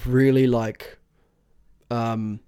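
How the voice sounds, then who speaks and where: A man's voice: medium pitch, little pitch movement, very slow, warm tone, clean tone, no echo, studio quality. A young man with a New Zealand accent co-hosting a podcast, congested and nasal, chatting loosely and laughing often. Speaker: podcast co-host. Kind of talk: casual podcast banter.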